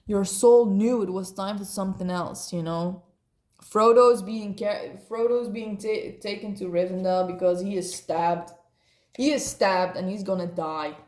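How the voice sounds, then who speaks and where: A woman leads a casual spiritual reading at an unhurried pace. Her voice is mellow and a little dark, and she rambles and slips in slang as she goes. The sound echoes around a roomy space. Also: medium pitch, fairly even intonation. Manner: rambling, laughing, slangy ("bruh", "eh"). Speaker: tarot reader.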